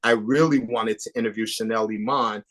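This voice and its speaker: Animated, gossipy male storyteller. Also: lowish voice, moderate pace. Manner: animated, gossipy storyteller, swinging between emphatic and hushed. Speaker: podcast guest, author and documentary maker. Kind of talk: casual interview chat.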